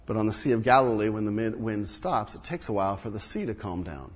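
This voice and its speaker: A man preaching a sermon as pastor, moving between loud emphatic bursts and hushed low asides. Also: expressive, fast talker, breathy edge. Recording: long reverb of a large hall.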